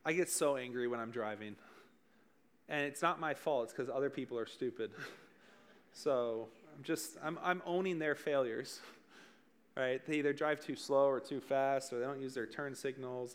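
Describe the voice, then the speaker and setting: A man's voice: mid-range voice, moderate pace, clear, resonant tone. A young man preaching as a youth pastor, talking casually, joking, and asking his listeners questions. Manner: joking, conversational, addresses the room directly.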